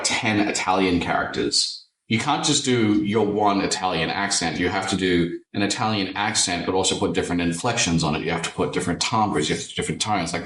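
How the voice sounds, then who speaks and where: A man's voice: low voice, a bit bright, roomy sound, recorded from a distance, low-quality recording. A man, a tattoo artist, chatting casually and animatedly, swearing freely with lots of fillers. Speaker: tattoo artist and podcast host. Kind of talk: casual chat.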